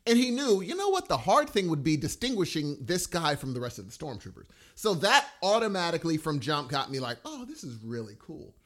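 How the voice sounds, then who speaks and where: A man's voice: a little fast, hardly any pauses. A man chatting casually about a film he just saw, rambling and enthusiastic. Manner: animated, rambling and enthusiastic, with big pitch jumps. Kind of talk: casual movie chat.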